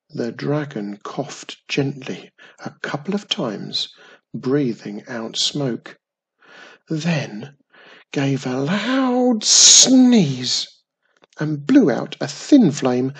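A storyteller reading a children's fantasy tale aloud in a measured way. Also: mid-range voice, expressive, fairly bright tone, slightly rough.

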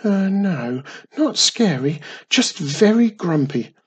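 A man voicing a warm, mysterious witch mother who speaks in a lively, reassuring way. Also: sits high, slow, husky, pitched above the performer's own voice, full character voice.

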